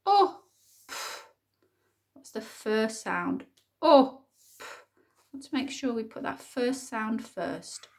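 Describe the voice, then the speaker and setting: A woman teacher, thinking aloud and sounding out words slowly in a phonics lesson for young children. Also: medium pitch. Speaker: primary school teacher.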